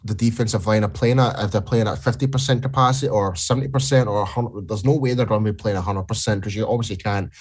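A man on a casual sports podcast who explains things quickly and often repeats words as he starts. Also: on the low side, fairly even intonation, husky. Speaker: podcast co-host.

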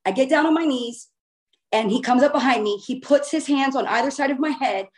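A young woman tells a story in a relaxed, unscripted way, her voice sitting a little high. She talks animatedly and informally, tossing in casual swearing as she goes. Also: a little fast.

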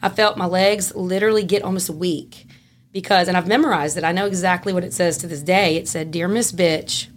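A woman with a Louisiana Southern accent, a podcast guest telling a story in casual, animated fashion, laughing and swinging between loud and hushed. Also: fairly low pitch, a little fast. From Southern United States. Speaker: podcast guest, former prison classification officer.

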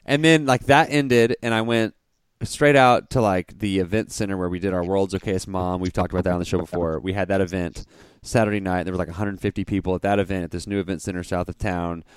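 A man chats casually on a podcast, reeling off dad jokes and cracking himself up as he goes. His voice sits low and comes across smooth and clean. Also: fairly even intonation, quick pace, few pauses, no echo. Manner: giggly, breaks into laughter mid-joke. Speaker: podcast co-host.

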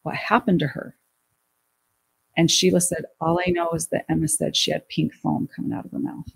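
A woman telling a personal story as an interview guest, acting out what people said in lively quoted dialogue. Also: low-pitched, normal speed, creaky, a little hiss or hum.

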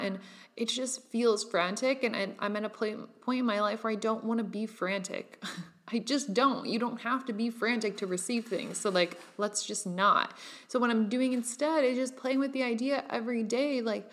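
A woman's voice: a little high, fairly even intonation, moderate pace. A young woman hosting her own podcast, talking casually and with animation, full of "like" fillers and the odd laugh. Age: young adult. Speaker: podcast host. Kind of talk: casual solo podcast monologue.

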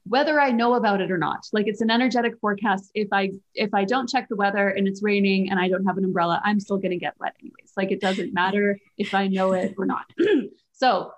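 A woman co-hosting a podcast, a coach who tells a personal story in a chatty, animated way and swears freely. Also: mid-range voice, fast talker. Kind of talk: casual chat. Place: lives in Germany.

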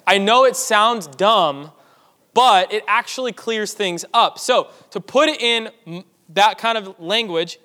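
High-voiced pastor in a reverberant hall. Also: male voice, measured pace, pushed and bright. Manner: conversational teaching with asides to the congregation. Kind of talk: sermon. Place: church sanctuary.

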